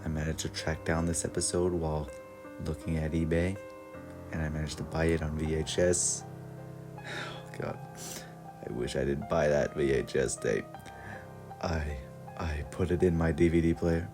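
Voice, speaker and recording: A young man narrating a comic horror story in a rambling, deadpan way, full of "uh" and "and then", over faint music. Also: rumbling low, normal speed, pauses often. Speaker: creepypasta parody narrator.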